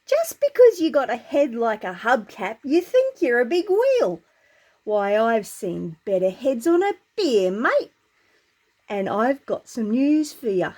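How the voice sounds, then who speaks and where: A woman's voice: on the high side, sing-song, a little slow, a little mellow. A woman doing a brash young Aussie lad with an Australian accent. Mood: taunting. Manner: brash, slangy, cocky.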